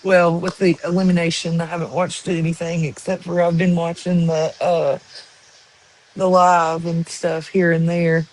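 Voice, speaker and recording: A woman's voice: lowish voice, little pitch movement, darkish tone, low-quality recording. A woman chatting casually and rambling to viewers on a live stream. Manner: slow, rambling, with many ums and likes.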